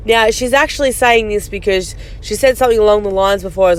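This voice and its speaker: A woman's voice: mid-range voice, fast. A woman hosting a podcast, giving snarky, mocking commentary on a streamer, with some swearing.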